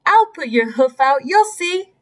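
A woman voicing a tiny, cheeky, cheerful female piglet in a squeaky voice for a read-aloud storybook. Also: very animated, measured pace. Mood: eager. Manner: squeaky and bright.

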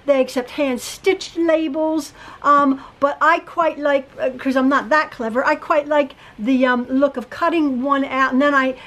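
A woman's voice: high-pitched, fairly bright tone, poor audio. A woman teaching quilting in a casual, rambling tutorial from her home sewing room, with frequent restarts and fillers.

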